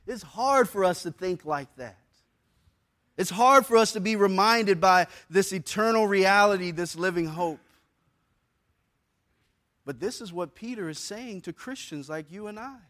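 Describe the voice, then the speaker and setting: High-pitched guy giving a sermon to his church, chatty and slangy, goes quiet then gets loud. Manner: conversational, swings between soft and loud; uses casual slang. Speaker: pastor. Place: church service before a congregation.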